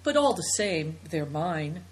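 A woman's voice: sits low, sing-song, exaggerated voice. Woman voicing an eager, emotional young girl. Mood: hushed. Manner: emotional, quick to protest.

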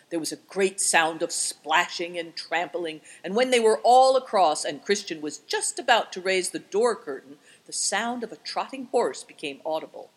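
Woman narrator, husky, low, expressive storybook reading. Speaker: audiobook reader.

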